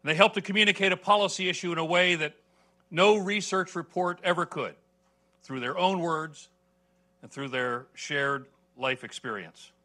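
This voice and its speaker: A man in his sixties, president of a policy institution, welcomes an audience at a podium with an earnest, measured manner, pausing on "uh" and leaning on key words. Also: a little high, pushed and bright. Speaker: host and think-tank president. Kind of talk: formal welcome speech at an event. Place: event hall before a seated audience.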